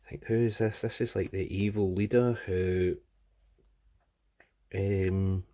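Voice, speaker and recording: A man's voice: low voice, fairly even intonation, slow, mellow. A man casually reviewing a comic book, rambling and crude with plenty of jokes.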